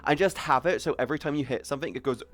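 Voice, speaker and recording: A young woman with a bass voice talks rapid-fire on a live stream through a headset boom mic. She's playful and crude, calling her chat sweetie and baby.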